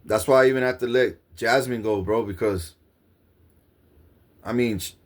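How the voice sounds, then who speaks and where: A man's voice: medium pitch, normal speed. A man delivering an agitated, profane monologue to his viewers. He circles back over the same points and keeps saying "bro.". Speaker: vlogger. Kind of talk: rambling monologue to camera.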